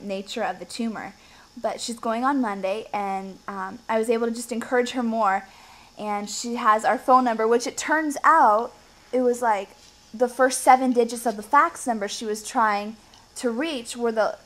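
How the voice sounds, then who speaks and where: A woman telling a story in a casual, animated way, her voice jumping up when she gets excited. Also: fairly high pitch, poor audio. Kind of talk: casual testimony.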